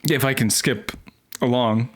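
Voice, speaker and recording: A man's voice: mid-range voice, steady tone, a little slow. A man co-hosting a podcast, reading scripture aloud in a dry way and adding playful jokes. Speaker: podcast co-host. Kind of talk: casual comedic Bible discussion, reading passages aloud.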